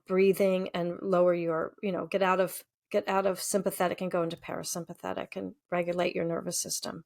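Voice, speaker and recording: A middle-aged woman, a somatic healing practitioner, gently explaining things in a podcast chat and often checking in with "right?". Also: medium pitch, creaky.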